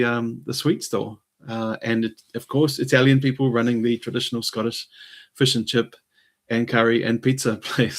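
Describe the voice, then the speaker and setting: A man, possibly middle-aged, hosting his own live stream from New Zealand, rambling in a hesitant way with many pauses and fillers. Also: medium pitch. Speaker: channel host. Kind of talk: casual live-stream monologue.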